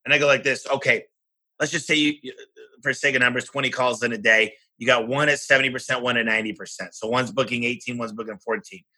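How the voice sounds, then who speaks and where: A man who owns a home services business, talking in a lively podcast conversation and acting out the exchanges he has with other owners. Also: mid-range voice, fast talker, rough recording. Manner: animated, acts out his own conversations in quoted voices.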